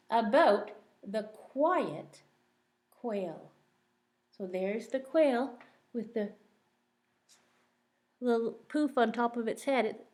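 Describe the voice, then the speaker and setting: A woman teacher reading a picture book aloud to young children, gently asking them questions along the way. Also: fairly high pitch.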